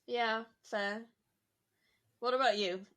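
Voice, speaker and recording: Her voice sits fairly high, steady and a touch bright, and she talks slowly. On a podcast, this woman thinks out loud in a relaxed, chatty way, filling her sentences with "like."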